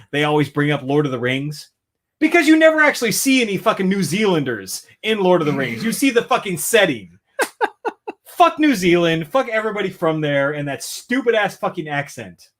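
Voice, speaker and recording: Man, podcast co-host, casual chat, lively swinging pitch, slightly high voice, swears a lot. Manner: profane, ranting, animated.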